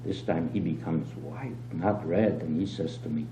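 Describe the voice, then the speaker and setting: An older man reading a short story aloud as a lively storyteller, dropping low on asides. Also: moderate pace. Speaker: reader. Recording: dull, roomy old home tape with hum.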